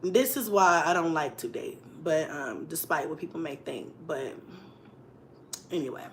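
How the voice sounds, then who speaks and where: A young woman vlogger telling a story in casual chat, laughing often and swinging between loud bursts and hushed asides. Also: low voice, lively intonation, unhurried, a little hiss or hum.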